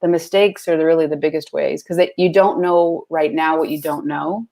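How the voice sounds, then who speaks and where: Woman, guest, casual chat, slightly low pitch, lots of fillers. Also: steady tone, normal speed, mellow. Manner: chatty, full of fillers like "like" and "you know". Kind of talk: casual conversation.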